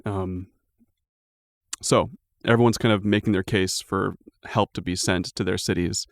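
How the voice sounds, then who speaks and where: A man running a tabletop game as game master, narrating in a relaxed, loose way with lots of fillers. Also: deep voice, unhurried, no echo, studio quality.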